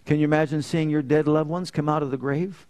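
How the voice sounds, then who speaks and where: A man preaching a sermon, asking rhetorical questions and swinging between loud emphasis and soft, low passages. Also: steady tone, fairly quick.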